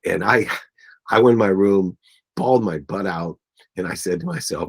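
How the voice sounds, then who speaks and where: Low-voiced man telling heartfelt stories. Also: normal speed, vocal fry, husky. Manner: tells stories acting out family voices, gets choked up. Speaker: guest, business coach. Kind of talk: emotional storytelling interview.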